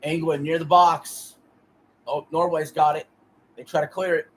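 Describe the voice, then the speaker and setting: A man's voice: on the high side, little pitch movement, moderate pace, low-quality recording. Chatty man streaming match commentary. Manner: chatty, reads and answers chat. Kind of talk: casual live-stream commentary.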